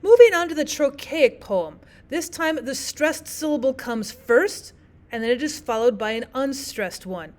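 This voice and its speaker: A woman explaining poetic meter in a lesson, walking through examples and slowing down to read lines of verse aloud. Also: sits high, lively intonation, a little mellow. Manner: clear, measured teaching delivery, slows to read verse aloud. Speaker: teacher. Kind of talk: explaining poetry lesson over slides.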